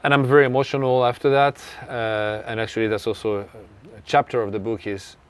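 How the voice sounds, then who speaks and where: A French tennis coach tells a story during an interview, his medium-pitched voice smooth, flat and fairly quick. Earnest and reflective, he acts out dialogue he remembers, with a French accent.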